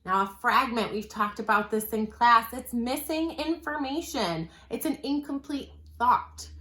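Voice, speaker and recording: A woman teacher walks her class through a writing lesson in a clear, patient way, leaning on slow, stressed examples. Her voice sits a little high for a woman. The room around her is roomy and echoey. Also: sharp tone.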